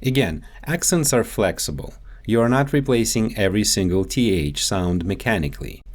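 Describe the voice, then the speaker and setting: A man working as a dialect coach, explaining pronunciation in a deliberate, teacherly way. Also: fairly low pitch, lively intonation. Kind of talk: instructional explanation.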